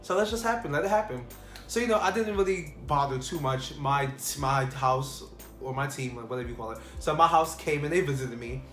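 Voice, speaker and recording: A man's voice: mid-range voice, brisk, a bit bright, faint music behind. A man vlogger telling a personal story in a casual, rambling way full of fillers. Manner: rambling, filler-heavy, restarts. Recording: echoey room.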